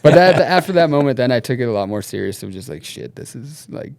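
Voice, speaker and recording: A middle-aged man, a podcast guest, telling a wild road-trip anecdote in a loose, profane, animated way. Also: medium pitch, very fast, gravelly. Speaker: podcast guest, snowboard team manager. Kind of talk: casual storytelling.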